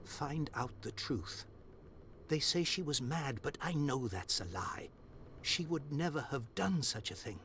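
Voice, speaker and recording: A man voicing an elderly, grieving industrialist in a video game, speaking slowly and gravely as he pleads for help. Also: a little high, animated, fairly bright tone, slight background noise. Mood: pleading. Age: older.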